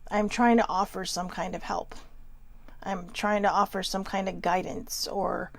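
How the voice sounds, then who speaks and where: A woman hosting a self-help talk for viewers, close to tears and speaking haltingly, apologizing with nervous laughs. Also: medium pitch, gravelly, no echo. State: tearful, close to crying. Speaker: host.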